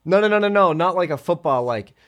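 A man's voice: sits high, lively intonation, fast talker. A young man co-hosting a casual chat, emphatic as he explains a school prank step by step.

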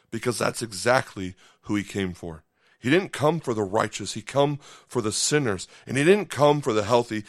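Medium-pitched and cleanly recorded in a dry studio, a pastor delivers a conversational podcast sermon. He slips in brief acted-out voiced asides and frequently checks in with "okay?".

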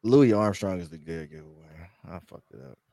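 A man competing in a casual podcast quiz, picking categories and answering with relaxed, profane banter. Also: low voice, normal speed, no room sound. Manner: relaxed, swearing, joking. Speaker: quiz contestant.

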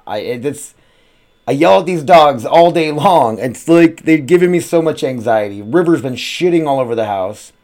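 A man's voice: fairly high pitch, animated, normal speed, a little mellow. A man hosting his own podcast at home, talking casually in a rambling way with lots of swearing and "uh" fillers. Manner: rambling, profane, frequent "uh" fillers. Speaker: podcast host. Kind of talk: casual solo podcast chat.

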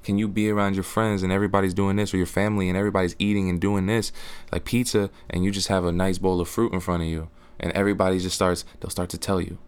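Young male podcast guest with a very low voice, earnest and slangy. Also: flat delivery, fast talker, few pauses, clean tone. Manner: earnest, slangy, restarts often. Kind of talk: casual podcast chat.

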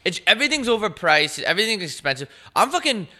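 A man's voice: high voice, big pitch swings, fast talker, sharp tone. A man hosting a podcast in casual banter, ranting and complaining with lots of swearing.

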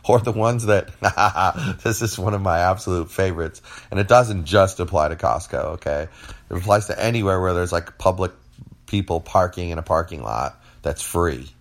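A man co-hosts a casual podcast in a very low voice. He rants bluntly about everyday annoyances, stretching words out for emphasis. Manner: blunt, ranting complaints with drawn-out emphasis. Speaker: podcast co-host. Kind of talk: casual chat.

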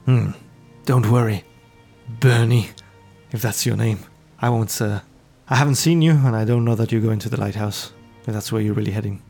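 A man running a tabletop game as game master, voicing a merchant in a relaxed, chatty way. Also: fairly low pitch, moderate pace, gravelly, faint music behind.

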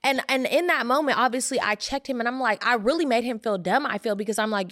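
Speaking fast with hardly a pause, this young podcast co-host chats casually about something that happened to her, playing out each quote in a raised, animated voice. The audio is studio quality with no room sound.

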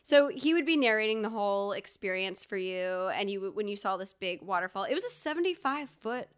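A woman's voice: mid-range voice, lively intonation, fairly quick, clear, resonant tone. A woman co-hosting a podcast in casual chat, telling stories with lots of fillers and asides. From Georgia, US. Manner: chatty storyteller, many fillers and asides. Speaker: podcast co-host.

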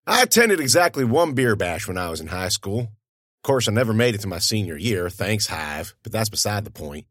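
A man's voice: lowish voice, very animated, moderate pace, fairly bright tone, dry recording, clean studio sound. Folksy male audiobook narrator. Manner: folksy, conversational storytelling.

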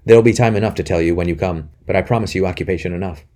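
A man reading the part of a fervent, secretive young gentleman conspirator in an audiobook. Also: deep voice, racing, natural voice. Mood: urging. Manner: urgent, hushed, then fierce.

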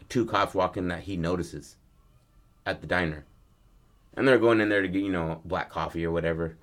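A man casually pitching a film story, acting out the characters' lines, swearing freely and rambling with restarts. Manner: loose, rambling, many restarts and fillers.

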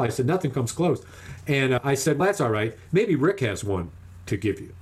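A man casually telling a long, animated fishing story, acting out the other people's lines in raised voices. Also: mid-range voice, a little fast, breathy edge.

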